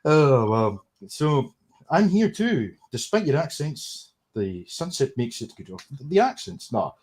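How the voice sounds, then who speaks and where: A man's voice: fairly high pitch, sing-song, takes it slowly, darkish tone, slightly rough. A Scottish man hosting a casual livestream, ranting sarcastically and swearing freely. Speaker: livestream host.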